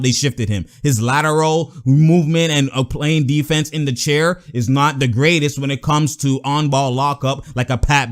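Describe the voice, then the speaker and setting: A young man in casual reaction commentary on basketball clips, slangy and animated, laughing often and repeating phrases for emphasis. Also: mid-range voice.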